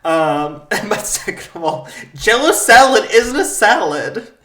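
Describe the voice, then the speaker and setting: A podcast co-host chatting casually, with wry, quick-witted asides. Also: mid-range voice, very animated, pushed and bright. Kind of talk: casual chat. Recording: roomy echo.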